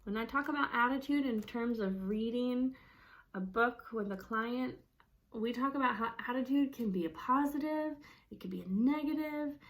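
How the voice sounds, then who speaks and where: Showing how to read a storybook expressively, a young woman speech-language pathologist lets her voice swing widely in pitch. Her explanations come across warm and teacherly.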